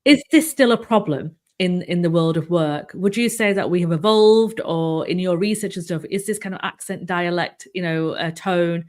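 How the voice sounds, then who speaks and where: A woman's voice: lowish voice, normal speed, few pauses. Chatty woman with a mild northern English accent. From England, Manchester. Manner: chatty, lots of fillers like "you know". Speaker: host. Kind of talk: casual interview chat.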